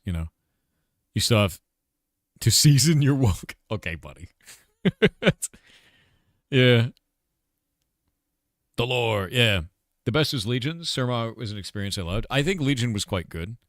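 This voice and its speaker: Man streaming a game dev Q&A, low voice, dry close sound, blunt and swearing. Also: animated, moderate pace, long pauses, a bit bright, no echo. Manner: blunt, profane, chatty with filler words. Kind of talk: casual livestream Q&A chat.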